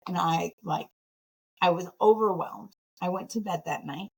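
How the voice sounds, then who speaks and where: A woman from Michigan, a podcast guest, telling her story in a casual, animated, self-deprecating way with frequent laughter. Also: lowish voice, moderate pace, gravelly, husky, poor audio. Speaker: podcast guest, nonprofit founder.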